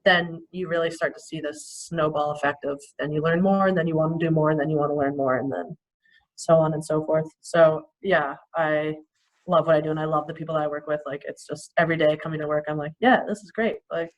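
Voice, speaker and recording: A young woman from Canada, a rugby player, telling stories in a casual chat, laughing often and filling pauses with "um" and "like.". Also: low-pitched, little pitch movement, no room sound, rough recording. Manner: laughs often, lots of fillers.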